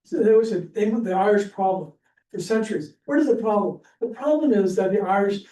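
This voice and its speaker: A man's voice: high voice, expressive, fast talker, dark tone. A man teaching an informal history class at church, chatty and rambling, with lots of fillers and restarts. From Pennsylvania. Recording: echoey room, distant mic, faint hiss.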